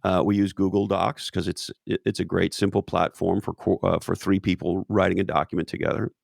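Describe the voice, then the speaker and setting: A man's voice: low-pitched, little pitch movement, fairly quick, vocal fry, no echo, clean studio sound. A man talking casually as an interview guest, emphatic and profane, with many restarts.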